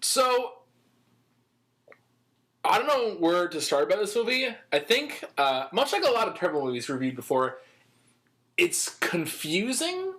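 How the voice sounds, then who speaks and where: A man's voice: high-pitched, sing-song, a little slow, long pauses, fairly bright tone. A man co-hosting a podcast, giving blunt, profane opinions on a movie in casual chat. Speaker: podcast co-host.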